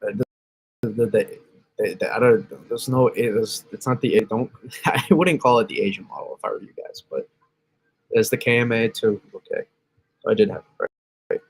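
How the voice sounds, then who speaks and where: This weather channel host has a fairly low, expressive voice with a breathy edge, speaking at a moderate pace with long pauses. On a casual stream, he wanders through model maps, frequently corrects himself, and responds to chat.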